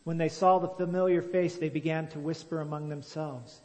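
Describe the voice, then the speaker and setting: A man reading a moral story aloud in a measured, expressive way, then explaining its meaning as a religious teacher. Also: on the high side, in a large hall.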